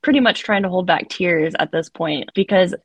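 A woman's voice: lowish voice, moderate pace, slightly rough, no room sound. A woman podcast co-host telling a story in a casual, chatty way, often saying "like".

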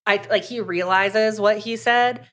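A woman's voice: medium pitch, steady tone, unhurried, fairly bright tone. A woman co-hosting a podcast, chatting casually and acting out characters' lines with lots of "like". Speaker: podcast co-host recapping a book. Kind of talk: casual chat.

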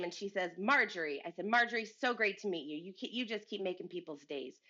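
A woman's voice: medium pitch, fast talker, few pauses, bright, forceful tone, muffled recording. A woman talking earnestly about leadership and work on a podcast, telling a story and acting out both sides of the conversation. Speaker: guest speaker on leadership.

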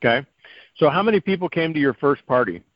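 A man hosting an interview, asking questions and building long, measured points. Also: on the high side, expressive, dry recording. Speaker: interview host. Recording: dry, muffled lo-fi audio.

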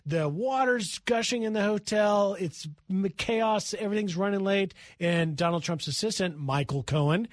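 A man, a news correspondent, telling a brisk, lively anecdote as a guest on talk radio. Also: high voice, no room sound, studio quality. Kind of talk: animated radio storytelling. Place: radio studio.

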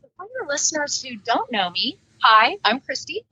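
A woman's voice: high-pitched, very animated, normal speed, sharp tone, husky, dry recording, highs cut off. A woman in her late thirties with a Southern Indiana twang, a guest author chatting in an upbeat way and laughing often on a podcast. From Midwestern United States. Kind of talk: casual podcast interview.

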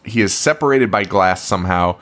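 A man's voice: fairly low pitch, animated, fairly quick, a bit bright. Laughing, profane young man on a podcast. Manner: profane, laughing, acts out movie lines. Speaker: podcast co-host. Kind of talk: casual chat.

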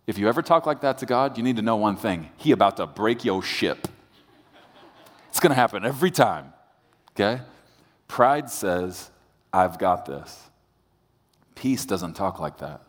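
A male pastor preaches with animated energy, rising to loud, emphatic peaks and dropping to quiet, intense lines. His voice sits at an ordinary middle pitch. The sound carries the long reverb of a large church hall. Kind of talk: sermon.

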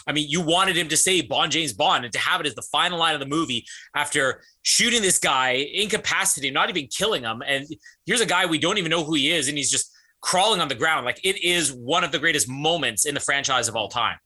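A man's voice: a little high, expressive, quick pace, bright, forceful tone. A man with an Australian accent co-hosting a podcast, rambling with enthusiasm in casual chat. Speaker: podcast co-host.

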